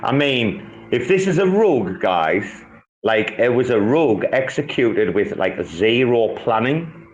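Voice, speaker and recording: Man, host, casual online chat, animated, swears a lot, middle pitch. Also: takes it slowly, lo-fi sound. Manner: animated, swearing, laughing banter.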